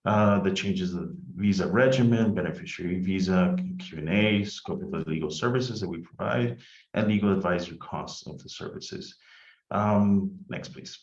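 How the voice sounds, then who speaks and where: Deep-voiced man presenting on a video call. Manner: polite, measured, walks through slides. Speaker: immigration lawyer. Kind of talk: webinar presentation. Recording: echoey dull video-call audio.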